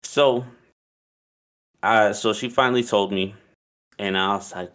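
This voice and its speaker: A man casually telling a long personal story, animated and profane, acting out what people said. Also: lowish voice, measured pace, pauses often. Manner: animated, profane, acts out quotes with laughs.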